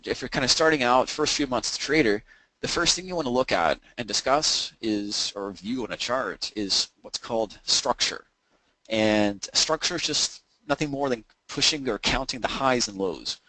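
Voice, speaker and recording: A man's voice: mid-range voice, bright, forceful tone, dry recording, rough recording. A man coaching traders in a webinar, explaining step by step in a conversational way, with frequent fillers and restarts. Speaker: trading coach presenting a webinar. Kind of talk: webinar presentation.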